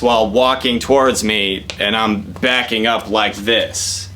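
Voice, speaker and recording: A man's voice: mid-range voice, fairly even intonation, unhurried, bright, forceful tone, a little hiss or hum. A young man telling a rambling, profane story in a casual comedic way.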